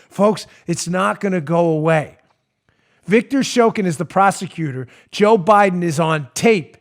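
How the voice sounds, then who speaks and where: A male podcast host with a high-pitched voice speaks unhurriedly in an opinionated talk show monologue. His delivery is emphatic, sarcastic, and animated, an outright rant.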